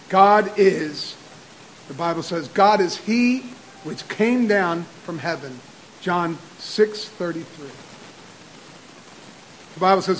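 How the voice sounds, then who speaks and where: A male pastor preaching a midweek sermon. He rattles off scripture references and builds to loud, repeated declarations. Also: high voice, a little hiss or hum, rough recording. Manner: cites verses rapidly, builds to shouted repetition. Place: church.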